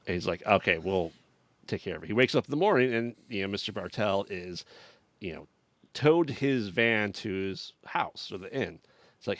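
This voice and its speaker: Rambling, lively low-voiced man. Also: no echo. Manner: rambling, laughs often, paraphrases characters in quick asides. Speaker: podcast co-host. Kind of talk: casual movie recap chat.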